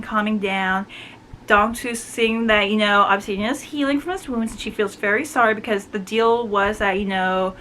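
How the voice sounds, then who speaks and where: A young adult woman retelling a book's plot in a chatty, animated way, full of fillers. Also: a little high, a little hiss or hum. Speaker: book reviewer. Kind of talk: casual book review chat.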